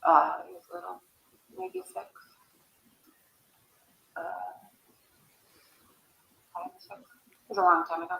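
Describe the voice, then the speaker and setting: A woman recalling family events in a recorded interview, speaking haltingly. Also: on the low side, big pitch swings, creaky, pushed and bright. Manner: halting, hesitant recollection. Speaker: interviewee, sister of the subject. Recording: echoey room.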